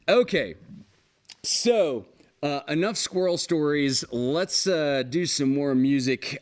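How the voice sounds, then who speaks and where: Brief: male live-stream host, slightly high voice, loose and chatty, telling a pet story. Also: slight background noise. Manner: rambling storyteller, animated, swears casually. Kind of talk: casual live-stream chat. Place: home, with balcony and fire pit.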